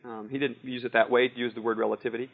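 A man's voice: mid-range voice, flat delivery, racing, creaky. A man giving a sermon in a conversational way, telling personal stories and often checking in with "See?" and "Okay?". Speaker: preacher. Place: room with a live audience. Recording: dull lo-fi recording.

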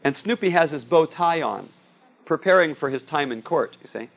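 A man's voice: on the high side, expressive, normal speed, vocal fry, slightly rough, dull audio. A man giving a classroom lecture in a conversational way, often checking in with "okay?" and "see?".

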